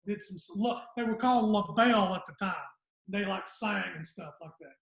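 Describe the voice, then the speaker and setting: Older guy, gravelly and high, rambling stories, echoey room. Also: a little fast. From Southern United States. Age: 60s. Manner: rambling storyteller, trails off. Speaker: guest comedian. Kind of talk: casual podcast chat.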